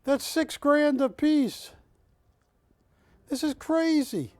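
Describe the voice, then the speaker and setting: A man's voice: extremely high pitch, animated, takes it slowly, no echo. A man hosting a live shopping-channel auction, bantering and calling out bids in a studio. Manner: jokey, chatty, calls bids and counts them down. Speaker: auction host.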